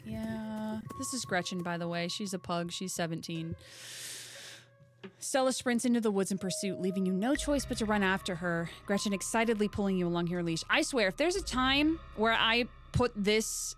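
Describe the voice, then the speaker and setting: A woman's voice: medium pitch, animated, moderate pace, soft background music. A young woman casually chatting and joking as she plays a game on stream. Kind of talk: casual let's-play commentary.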